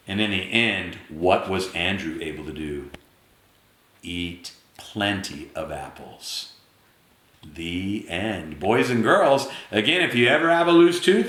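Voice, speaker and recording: Male storytime reader, lively and questioning with kids, very echoey room. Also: lowish voice. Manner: animated, asks questions of young listeners. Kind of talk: children's read-aloud.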